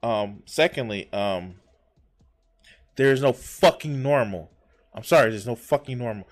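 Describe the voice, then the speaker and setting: A man with a mid-pitched, ordinary voice talks bluntly over a clip he is reacting to. He swears freely and stops and restarts as he works out his point, in a loose streamer style. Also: expressive, measured pace. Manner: blunt and profane. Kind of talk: casual reaction commentary.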